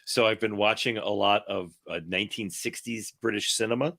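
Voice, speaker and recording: A man's voice: on the low side, steady tone, brisk, gravelly, bright, forceful tone. A man on a casual panel chat, joking dryly and often stammering as he restarts. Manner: dry humor, stammering restarts. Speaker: panel guest.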